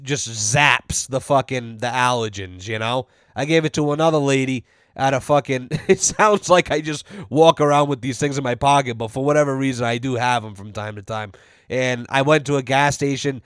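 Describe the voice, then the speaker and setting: A young man rambles through his podcast in a loose, profane storytelling style. His voice sits at an ordinary pitch and comes through smooth and resonant. The recording is close and dry, with no room sound. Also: no echo. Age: young adult. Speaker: podcast host. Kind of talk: casual monologue.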